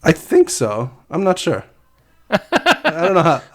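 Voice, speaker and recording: Casting note: male podcast co-host, halting casual banter, bouncy pitch, slightly high voice. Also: wildly swooping pitch. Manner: hesitant, many ums and restarts. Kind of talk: casual chat.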